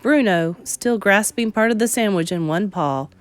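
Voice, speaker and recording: A woman reading a children's novel aloud, lively and expressive. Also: mid-range voice, normal speed, dry recording. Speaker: read-aloud storyteller. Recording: dry close sound with faint music.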